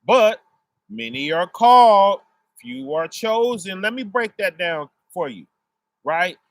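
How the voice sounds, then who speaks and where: A preacher with a fairly high voice gives a casual street sermon, loose and conversational, pausing after almost every phrase to ask his listeners "right?" He makes his points with homely family examples, his intonation lively and his pace slow. The recording is dry and close.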